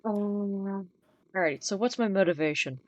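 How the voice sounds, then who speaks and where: A woman streamer chatting casually with quick retorts. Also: medium pitch, highs cut off. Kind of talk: casual chat.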